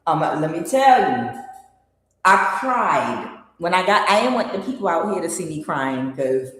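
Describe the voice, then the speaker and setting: Animated woman in a very echoey room. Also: on the low side, moderate pace. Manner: animated, exclaiming, laughing often. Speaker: tarot channel host. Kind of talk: casual storytelling to viewers.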